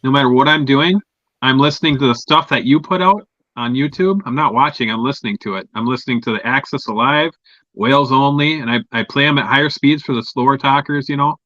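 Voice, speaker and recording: A man's voice: mid-range voice, fairly quick, bright, forceful tone, no echo, muffled recording. A man on a crypto podcast describing his habits in a rambling, hesitant way. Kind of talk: casual podcast talk.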